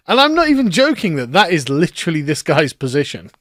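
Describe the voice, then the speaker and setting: A man's voice: fairly high pitch, huge pitch swings, fast, a bit bright. A man giving mocking video commentary, sarcastic and laughing often, sometimes mimicking the people he mocks. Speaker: commentary host.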